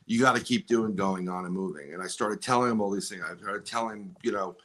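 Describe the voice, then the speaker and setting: A man's voice: fairly low pitch, quick pace, fairly bright tone. Rambling man retelling a story. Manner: rambling, many restarts and quoted dialogue. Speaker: podcast guest. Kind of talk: casual storytelling chat.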